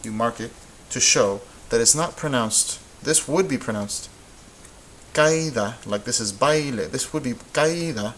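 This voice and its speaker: A man teaching Spanish in a relaxed, patient way, thinking aloud as he works through examples. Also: mid-range voice, moderate pace, hardly any pauses, a little hiss or hum, rough recording. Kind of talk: informal classroom explanation.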